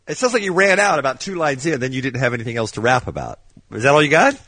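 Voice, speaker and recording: Radio host man, dry teaser, quick and lively. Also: medium pitch, dry recording. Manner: teasing, dry. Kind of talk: morning radio banter.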